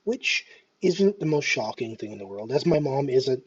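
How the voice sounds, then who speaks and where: A man in his thirties from Canada, with a faint Scottish lilt, talks to his camera in a nervous, self-mocking ramble that is full of restarts and ums. His voice is husky and sits at an ordinary pitch. The recording is dull and lo-fi. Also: big pitch swings, moderate pace. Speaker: vlogger. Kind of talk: casual nervous vlog monologue.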